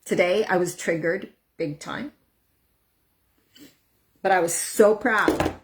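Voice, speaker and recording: A woman's voice: lowish voice, slow. A middle-aged woman coaching viewers in a casual talk to camera, earnest and repetitive, often repeating her phrases for emphasis. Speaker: menopause coach.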